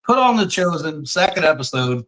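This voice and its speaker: A man hosting a conversational interview, reflecting on his guest's story in quick listed phrases. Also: on the high side, big pitch swings, a bit bright, a little hiss or hum, low-quality recording. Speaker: podcast host.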